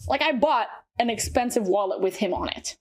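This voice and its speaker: Young woman podcast co-host, animated rambling storyteller, slightly high voice. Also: a little fast. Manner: animated, retells stories with lots of fillers. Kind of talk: casual chat.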